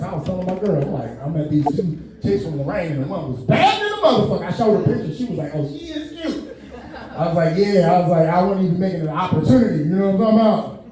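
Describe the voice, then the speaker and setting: A man's voice: fairly high pitch, mellow. A man hosting a podcast, telling loose, profane comedic stories and laughing through them. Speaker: podcast host. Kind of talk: casual comedic storytelling. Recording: very echoey room, distant mic, crowd noise.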